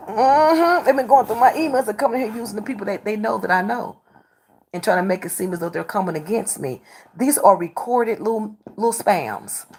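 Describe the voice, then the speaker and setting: A woman's voice: medium pitch, brisk, darkish tone, slightly rough. A woman streaming live who does readings, talking back to her chat in a combative, scolding way and repeating herself for emphasis. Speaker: livestreamer doing readings. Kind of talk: confrontational livestream talk to chat.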